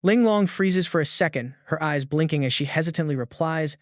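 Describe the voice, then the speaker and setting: A man narrates a manhwa recap in smooth, scripted storytelling. His voice sits a little high and stays even throughout. The sound is close and dry. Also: brisk, no echo.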